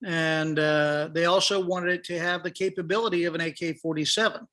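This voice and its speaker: A man's voice: fairly high pitch, fairly even intonation, brisk, pushed and bright. A middle-aged man, a podcast guest, telling stories in a casual way and acting out the dialogue with lots of fillers. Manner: acts out quoted dialogue, many fillers. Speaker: podcast guest, firearms industry professional. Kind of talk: casual storytelling.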